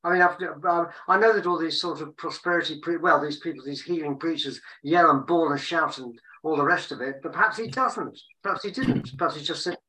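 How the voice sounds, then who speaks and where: Bright-toned man musing at Bible study. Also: a little high, fairly quick, hardly any pauses, poor audio. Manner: musing, tentative. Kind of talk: group discussion.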